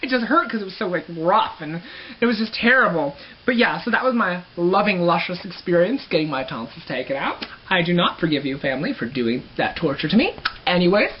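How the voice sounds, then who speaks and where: A man with a high, girlish voice telling a personal story to camera in a playful, dramatic, sassy way. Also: very animated, fairly quick, dull audio, slight background noise. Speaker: vlogger.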